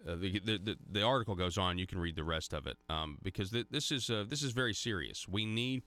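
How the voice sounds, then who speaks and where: A man's voice: deep voice, animated, brisk, sharp tone, no room sound. A man hosting talk radio, giving pointed commentary full of rhetorical questions and sarcasm, stumbling when he goes off script. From Arkansas.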